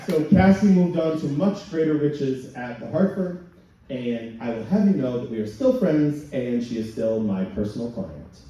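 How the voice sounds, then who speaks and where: Man, stand-up comic, crude deadpan stories, dark voice, distant, dull lo-fi sound, faint room noise. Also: mid-range voice, moderate pace. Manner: crude deadpan storytelling, voices for quoted people. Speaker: stand-up comedian. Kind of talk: stand-up set. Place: comedy night in a function hall. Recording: echoey hall, distant, dull and lo-fi. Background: audience laughter.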